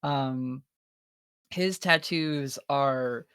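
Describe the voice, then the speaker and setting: A man's voice: medium pitch, drawn-out words, a bit bright, clean tone, dry recording, clean studio sound. A player in a tabletop game, a man describing his character at length in a rambling, filler-heavy way.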